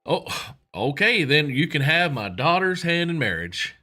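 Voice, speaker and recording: Rich Texan party host, brash and excitable, pitched well above the man's own voice, done by a man. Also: measured pace, heavily acted. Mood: puzzled. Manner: loud, exclamatory, stammering with excitement.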